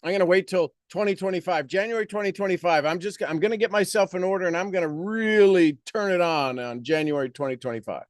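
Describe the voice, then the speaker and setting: A man's voice: sits high, quick pace, few pauses, no echo, studio quality. A man giving a motivational monologue on a live stream, preaching with repeated rhetorical questions.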